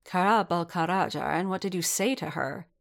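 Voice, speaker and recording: A woman's voice: lowish voice, moderate pace, vocal fry. A woman voicing a proud woman warrior leader with a cool, mocking, lecturing manner, read as a story. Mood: scornful. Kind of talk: storybook reading.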